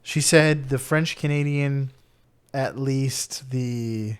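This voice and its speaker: A man co-hosting a podcast in casual chat, chatty and quick to laugh, sometimes stumbling over words. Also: medium pitch, steady tone, smooth. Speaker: podcast co-host.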